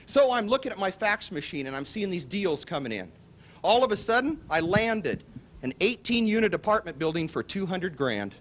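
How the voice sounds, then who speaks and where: A man giving a motivational real estate seminar pitch to a live audience, telling stories and acting out both sides of the dialogue. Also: moderate pace. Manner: animated storytelling, acts out both sides of dialogue. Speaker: seminar speaker.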